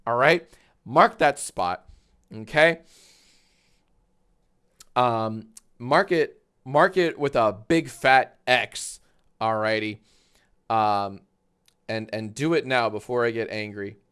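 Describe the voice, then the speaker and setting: Rambling male streamer, mid-pitched. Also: a bit bright, clear, resonant tone. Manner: rambling, halting, swears in outbursts. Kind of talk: live stream reaction.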